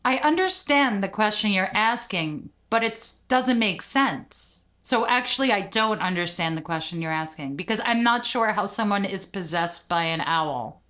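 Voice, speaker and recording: A woman co-hosting a casual podcast chat, excitable and blunt, laughing often. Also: mid-range voice, normal speed, few pauses. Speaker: podcast co-host.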